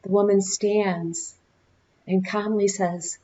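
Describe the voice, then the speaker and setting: A woman minister giving an Easter sermon, telling stories with slow, deliberate phrasing and dramatic pauses, in a church. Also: mid-range voice, steady tone, warm tone, muffled recording. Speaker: guest minister. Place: church sanctuary.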